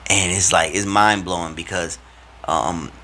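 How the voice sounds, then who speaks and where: A man giving a casual, animated faith talk to his followers in a slangy, preachy way. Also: low-pitched, unhurried. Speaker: vlogger.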